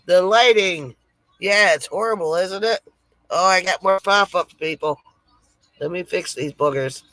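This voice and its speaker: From home by a lake, a woman runs a relaxed live stream, reading out viewer comments, chatting and cracking herself up with jokes. Her voice sits on the low side with a bit of brightness and an unhurried pace, captured in a rough recording with no room sound.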